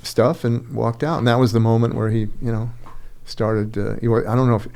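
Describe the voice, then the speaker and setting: A middle-aged man hosting a casual conversation, an animated storyteller who acts out quoted voices. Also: mid-range voice, a little fast, creaky, clean tone. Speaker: host.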